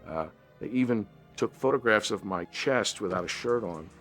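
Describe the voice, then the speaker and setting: A man's voice: on the low side, animated, moderate pace, a bit bright, faint music behind. An older man, an actor, recalling a film shoot in an interview, reflective and with stammering restarts. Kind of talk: anecdotal interview.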